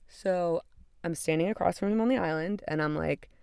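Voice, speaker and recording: A woman's voice: lowish voice, normal speed, creaky, a little mellow, smooth, no echo, studio quality. A woman in her twenties hosting a podcast, telling a personal story in a candid, casual way and swearing freely. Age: 20s. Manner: candid and profane, retelling with acted-out quotes. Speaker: podcast host.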